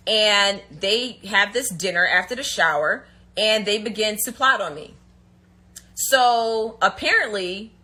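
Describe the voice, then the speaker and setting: A woman's voice: a little high, pushed and bright, slightly rough. A woman telling a story in a casual livestream rant, indignant and acting out quoted dialogue. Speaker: reality TV personality. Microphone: phone livestream.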